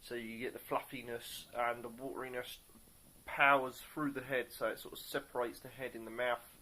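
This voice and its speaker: A man reviewing a beer on camera in a casual, upbeat way, pausing often to search for words. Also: medium pitch, level tone, sharp tone. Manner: upbeat and enthusiastic.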